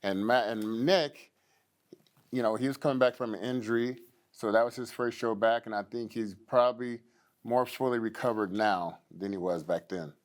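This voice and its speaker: A man's voice: medium pitch, normal speed. A man co-hosting a casual talk, rambling with many restarts. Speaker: co-host. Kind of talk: casual bodybuilding chat.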